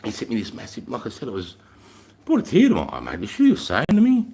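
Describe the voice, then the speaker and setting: A man's voice: lowish voice, wildly swooping pitch, fast talker, vocal fry, mellow. An Australian man in his thirties, chatting casually on a livestream, telling rambling stories and swearing freely. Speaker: livestream guest. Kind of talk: casual chat.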